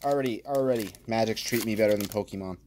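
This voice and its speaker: With fairly low pitch and a quick delivery, a man comments casually on his own channel as he opens card packs. He jokes, reads out card names, and bursts into excited exclaims, with slight background noise in the recording.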